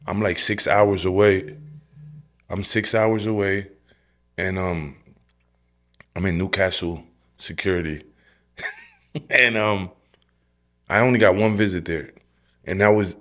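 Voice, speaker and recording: Speaking low, a streetwise man gives his testimony as a podcast interview guest. His storytelling is lively and direct, full of "bro" and "yo," and he acts out his own past lines.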